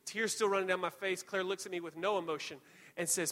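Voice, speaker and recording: A young male pastor with a high, bright voice that carries through a church hall with a long reverb tail. He preaches conversationally, an animated, self-deprecating storyteller. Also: fast, slight background noise. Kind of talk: sermon with personal storytelling. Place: church auditorium.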